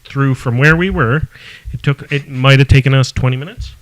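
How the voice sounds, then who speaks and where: A man co-hosting a podcast in casual chat, relaxed and agreeable, often saying "yeah". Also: medium pitch, normal speed, no room sound, low-quality recording. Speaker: podcast co-host.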